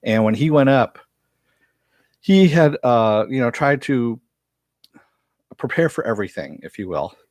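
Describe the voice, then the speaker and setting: A man's voice: mid-range voice, expressive, unhurried, long pauses, darkish tone, dry recording, studio quality. A man giving a casual, chatty recap of a TV episode, loose and rambling, with plenty of fillers and the odd curse word. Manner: chatty, loose retelling with frequent uh fillers and mild profanity. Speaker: TV series reviewer.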